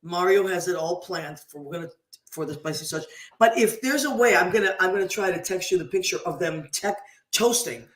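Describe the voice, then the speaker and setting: A woman hosting a radio show, chatting casually and effusively as she gives listeners shout-outs. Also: lowish voice, animated, a little fast, roomy sound.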